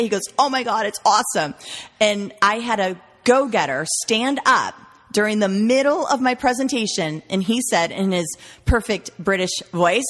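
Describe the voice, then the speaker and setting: A woman's voice: medium pitch, lively intonation, brisk, fairly bright tone. Emphatic woman guest, reverberant hall sound. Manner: emphatic storyteller who lists words. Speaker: guest, referral marketing trainer. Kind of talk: conversational interview.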